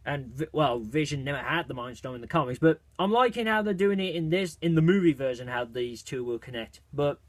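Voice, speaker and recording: A man with a fairly high voice talks through a movie trailer in a casual video review. He gets excited and rambles, circling back and restarting his sentences. The sound is close and dry, with no room around it. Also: fairly quick, few pauses, no echo.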